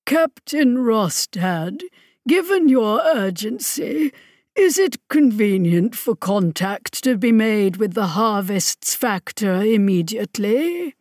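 Woman voicing a slow pedantic alien minister. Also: mid-range voice, big pitch swings, darkish tone, no echo, clean studio sound. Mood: formal. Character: pedantic alien male minister, artificial old man voice. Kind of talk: audiobook character voice.

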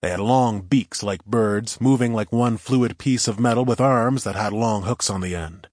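Guy reading a first-person audiobook, lowish voice, wry, dry close mic. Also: normal speed, darkish tone, dry recording. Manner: wry, conversational storytelling. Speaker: narrator.

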